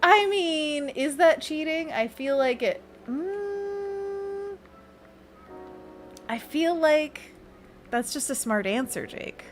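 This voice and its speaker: A woman's voice: high voice, animated, slow pace. Bubbly giggly woman streaming her drawing. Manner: bubbly, giggly, chatty, reads chat aloud. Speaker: art livestream host. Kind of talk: casual livestream chat while drawing. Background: faint background music.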